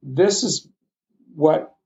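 Podcast guest, middle-aged man, gravelly voice, earnest storyteller, slightly muffled lo-fi sound. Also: on the high side, darkish tone. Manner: heartfelt, passionate, halting restarts.

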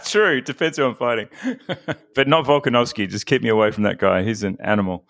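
A man's voice: mid-range voice, normal speed, vocal fry, a bit bright, no room sound, studio quality. A middle-aged man from Melbourne with an Australian accent, a podcast guest telling stories about himself in a chatty, self-deprecating way. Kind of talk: casual interview chat.

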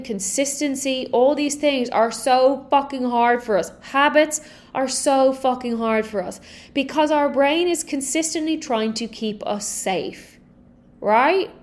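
A young adult woman delivers a casual podcast monologue as a healing coach. Her voice sits a little high, and she takes her time. She is candid and energetic, and she swears freely.

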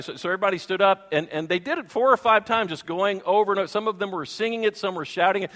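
Animated preacher man in a reverberant hall. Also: sits high, fast talker, few pauses. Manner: animated, acts out voices and sings. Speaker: pastor. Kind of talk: storytelling sermon. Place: church hall.

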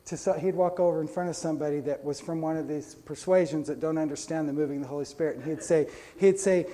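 Pentecostal pastor, male, high-pitched voice, energetic sermon delivery with restarts. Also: quick pace, hardly any pauses.

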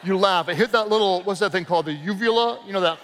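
High-voiced Southern preacher in a big hall. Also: male voice, fast talker, noisy background. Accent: Southern American. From American South. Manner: energetic, humorous storytelling with crowd call-and-response. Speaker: guest pastor. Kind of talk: sermon. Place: large church auditorium. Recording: long reverb of a big hall.

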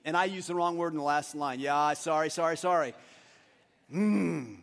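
A man's voice: a little high, normal speed, creaky. A man preaching a sermon in a church, in a conversational way, leading his congregation through group recitation. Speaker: pastor. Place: church sanctuary.

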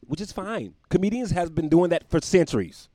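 A man's voice: sits high, dark tone, no echo, studio quality. A man hosting his own show, rambling through a casual comedic monologue and laughing at his own jokes, talking from a room at home near the windows. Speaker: podcast host.

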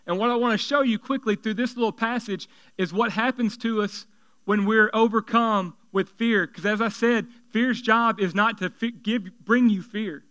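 A male pastor preaching a sermon in an animated, conversational way, with joking asides. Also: high voice, normal speed.

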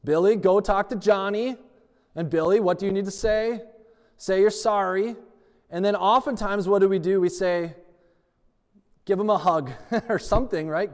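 High-voiced preacher in an echoey hall. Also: male voice, moderate pace, long pauses. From United States. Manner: storytelling preacher who acts out dialogue. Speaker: pastor. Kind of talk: sermon.

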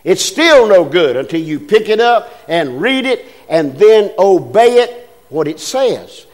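Folksy older preacher, high voice. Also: male voice, sing-song, a little slow, a little mellow. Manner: homespun storytelling, acts out voices in anecdotes. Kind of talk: folksy sermon with stories.

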